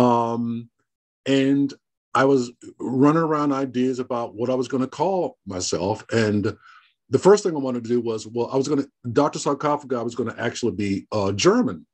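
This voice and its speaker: A man from the American South, guest on an interview, telling lively stories and acting out the people in them. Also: mid-range voice, normal speed. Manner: animated storyteller, laughs often, acts out quoted dialogue. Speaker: guest, horror host. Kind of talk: casual interview storytelling.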